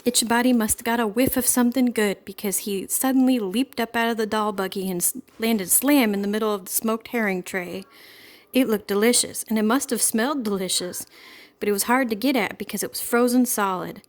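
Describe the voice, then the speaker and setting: A woman reading a children's storybook aloud in a gentle, expressive storytelling manner. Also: fairly high pitch, fairly quick. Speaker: storybook reader.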